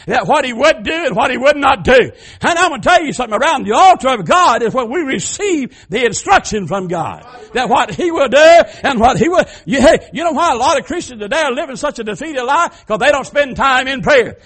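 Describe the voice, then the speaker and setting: A man preaching a sermon, swinging between fervent shouted passages and soft folksy asides. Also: extremely high pitch, lively intonation, a little fast, few pauses, husky.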